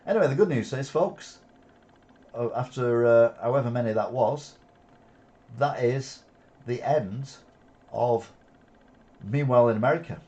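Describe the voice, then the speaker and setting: A man reads news headlines and adds sarcastic, opinionated comments, pausing often with "uh". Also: mid-range voice, darkish tone, dull audio. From England. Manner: sarcastic asides, frequent "uh" hesitations.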